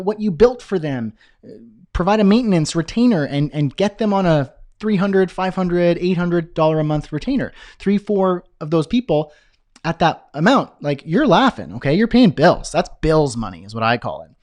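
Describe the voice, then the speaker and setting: An energetic man coaching freelancers on business in a live stream, repeating key phrases and answering viewer comments as he goes. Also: high voice. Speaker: web design business coach.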